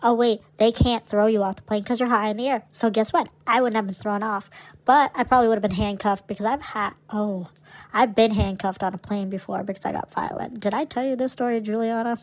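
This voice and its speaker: A woman's voice: mid-range voice, fairly even intonation, brisk, poor audio. Brash, profane young woman podcaster. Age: young adult. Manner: brash, profane, dramatic storyteller. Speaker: podcast co-host. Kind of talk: casual storytelling chat.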